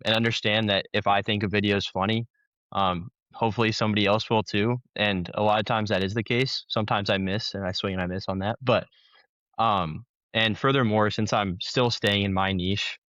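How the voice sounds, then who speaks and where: Golf creator guy, low voice, relaxed, says um a lot, muffled lo-fi audio. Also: dry recording. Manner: laid-back, lots of ums. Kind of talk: conversational interview. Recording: dull lo-fi sound.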